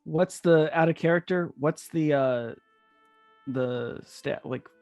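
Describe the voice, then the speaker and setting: Slow, hesitant tabletop player, faint music behind. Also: medium pitch, darkish tone, dry recording. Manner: hesitant, unhurried questions. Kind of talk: casual tabletop play.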